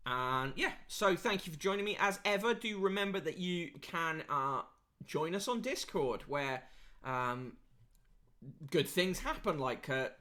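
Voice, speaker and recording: A man's voice: on the high side, lively intonation, a little slow, bright, forceful tone. A man hosting a podcast and giving a sardonic, casual running review of newspapers, with plenty of fillers.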